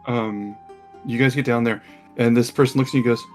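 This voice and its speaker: A man's voice: medium pitch, fairly quick. A man narrating as game master, rambling with many fillers, faint music behind. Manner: rambling, filler-heavy, relaxed.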